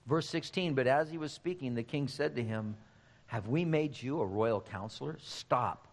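A man's voice: mid-range voice, normal speed, darkish tone, in a large hall. A man preaching a sermon, speaking emphatically and addressing the congregation directly. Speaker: pastor.

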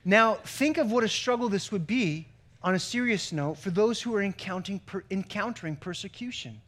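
A man's voice: high voice, expressive, normal speed, a bit bright. A man pastor giving a sermon in a conversational way, with joking asides and stories. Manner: conversational preaching with joke-telling asides.

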